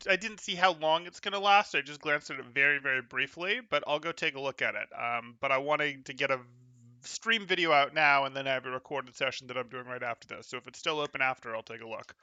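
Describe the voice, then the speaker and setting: A man's voice: on the high side, fast, pushed and bright, clear, resonant tone, highs cut off. A young man coaching over a gameplay review, critiquing in an exasperated, incredulous way. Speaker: game coach.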